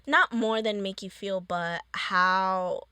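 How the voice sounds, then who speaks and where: A woman hosts a podcast and tells her own stories at an unhurried, drawn-out pace. Her voice is bright and forward. The recording is dry and close. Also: medium pitch, steady tone, clear, resonant tone, dry recording. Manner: slow, drawn-out storytelling, quoting people. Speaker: podcast host. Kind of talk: casual interview chat.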